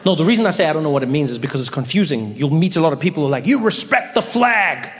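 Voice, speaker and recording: A man performs stand-up comedy with a fairly high voice and lively, animated storytelling. The sound carries the long reverb of a large hall, with faint ambience behind him. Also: very fast, a little hiss or hum.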